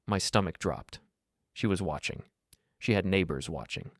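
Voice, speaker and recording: Low dry male narrator for a first-person drama story, steady and measured. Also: no echo.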